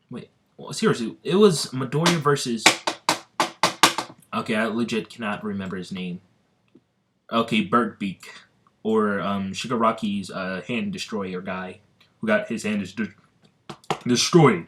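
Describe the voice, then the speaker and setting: Young guy, lowish voice, rambling excitable fan-story narrator. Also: a little slow, pauses often. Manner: rambling, filler-heavy, excitable. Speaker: storyteller, video creator.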